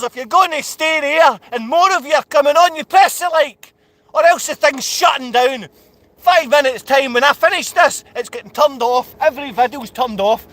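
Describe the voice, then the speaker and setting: A man with a piercing, very high voice rants at his viewers in a livestream. He hurls insults and yells as he talks, tense and forceful throughout. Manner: ranting, insulting, yelling at viewers. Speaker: vlogger. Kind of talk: angry livestream rant. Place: outdoors in his town.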